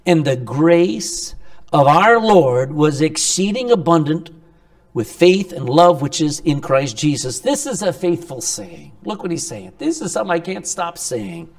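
A man delivers a sermon in a fairly high voice that leaps up and down as he preaches. He swings from loud, pressing emphasis to quiet asides and keeps throwing rhetorical questions at the congregation. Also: sing-song, measured pace.

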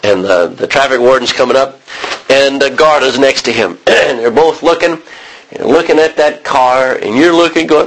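An American man teaching a Bible sermon in a conversational way, often restarting and clearing his throat. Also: medium pitch, moderate pace, a bit bright, rough recording. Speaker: preacher.

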